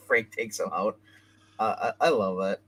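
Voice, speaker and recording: Bright-voiced man rambling about comics. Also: lowish voice, breathy edge, poor audio. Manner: rambling, retells scenes with quick put-on dialogue. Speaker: comics review host. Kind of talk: casual comic book review.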